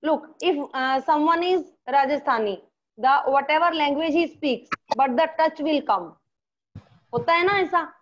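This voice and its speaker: Indian lady teacher, high voice, repeats questions a lot, muffled lo-fi sound. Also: a little hiss or hum. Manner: repeats questions, explains slowly, mixes in Hindi. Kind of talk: online class lesson.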